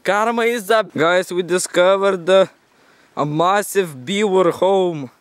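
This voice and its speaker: A man's voice: high voice, slow pace, clean tone. A man vlogging outdoors by a forest river, in a teasing, mock-dramatic way, talking to his viewers. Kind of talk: playful outdoor vlog commentary.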